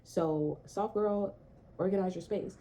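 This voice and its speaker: A woman's voice: medium pitch, a little slow, warm tone, slight background noise. A young woman chatting casually to camera in her small apartment, repeating herself and swearing now and then. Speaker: vlogger.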